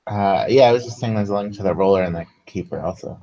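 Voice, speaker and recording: A low-voiced man with a dark, mellow tone who chats quickly and casually while playing a tabletop game. His audio comes through dull and a little distant, as if over a voice call. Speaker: player.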